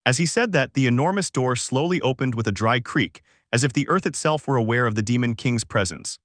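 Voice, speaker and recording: A man reading a fan fiction story aloud in a steady, even storytelling voice. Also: mid-range voice, brisk, no room sound, clean studio sound. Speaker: fanfic narrator. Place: voice-over over game footage.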